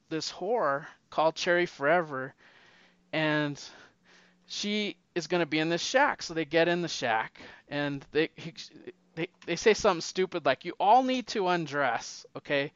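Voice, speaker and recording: Animated man retelling a movie, dry sound. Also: on the high side, clear, resonant tone, no echo, lo-fi sound. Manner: animated storyteller, acting out characters' lines in raised voices. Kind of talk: casual retelling of a movie plot.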